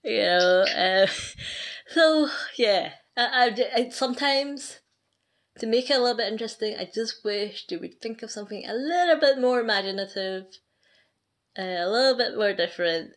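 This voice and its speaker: A woman's voice: a little high, expressive, normal speed. Ranting, amused woman gamer. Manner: ranting, amused, laughs often. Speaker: gaming clan leader. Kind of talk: casual chat.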